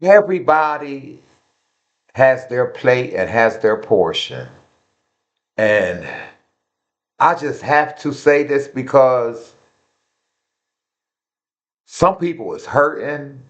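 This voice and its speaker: A man's voice: mid-range voice, lively intonation, takes it slowly, pauses often. A man speaking frankly and earnestly to his viewers in a casual vlog, repeating himself for emphasis and using slang. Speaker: vlogger. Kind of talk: heartfelt casual talk to viewers.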